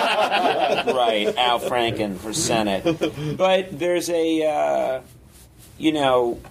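A man, a comedy writer, in casual chat, telling rambling, animated stories with many fillers. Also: mid-range voice, drawn-out words, creaky.

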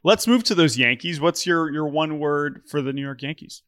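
A man's voice: fairly high pitch, moderate pace, fairly bright tone. A man co-hosting a sports podcast in casual chat, wry and hesitant, with frequent restarts. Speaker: podcast co-host.

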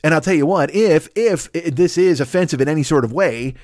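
A man delivering a rambling, profane comedic monologue, slipping into quick voices for the people in his story. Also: fairly high pitch, a little mellow, no echo, clean studio sound. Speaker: podcast host.

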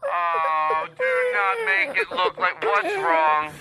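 A man hosting a comedy podcast, ranting at a prank caller in a put-on phone voice, exasperated and shrill. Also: wildly swooping pitch, slow, vocal fry, a crowd in the background. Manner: exasperated, high-pitched mock phone voice. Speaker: podcast host.

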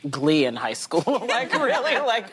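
A woman talk show guest chatting casually, telling a long rambling story with animated asides and laughs. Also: on the high side, a little slow, slightly rough. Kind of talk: casual chat.

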